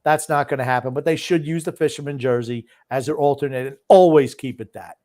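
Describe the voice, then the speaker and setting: An older man co-hosting a podcast, grumpy and opinionated, quick to correct people. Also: mid-range voice, dark tone. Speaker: podcast co-host. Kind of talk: casual podcast chat.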